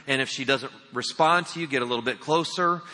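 A man voicing a calm male family doctor who gives easy, matter-of-fact advice in a sermon story. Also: mid-range voice, brisk, natural voice. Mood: advising. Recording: long reverb of a large hall.

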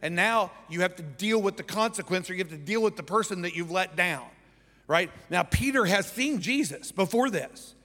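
A man's voice: high voice, lively intonation, normal speed, bright, forceful tone. A male pastor preaching a conversational sermon who keeps checking in with the congregation by asking "right?". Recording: church hall with long reverb.

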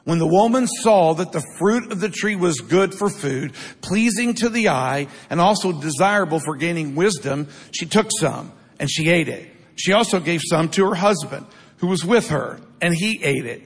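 A man's voice: on the high side, lively intonation, moderate pace, husky. A man preaching a sermon to a congregation, reading scripture and telling stories with rhetorical questions. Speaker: pastor. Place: church sanctuary. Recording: long hall reverb.

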